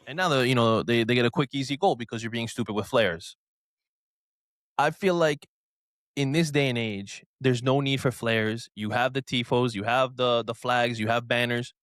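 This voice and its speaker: A man's voice: medium pitch, normal speed, fairly bright tone, no room sound. A man co-hosting a podcast, ranting in a heated way and restarting his sentences often. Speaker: podcast co-host. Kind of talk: casual podcast chat.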